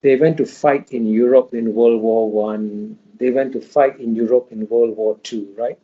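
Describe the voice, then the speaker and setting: A man's voice: medium pitch, steady tone, moderate pace. Lecturing man on dull, muffled audio. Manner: emphatic, lecturing, many restarts. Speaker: interview guest. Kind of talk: interview answers.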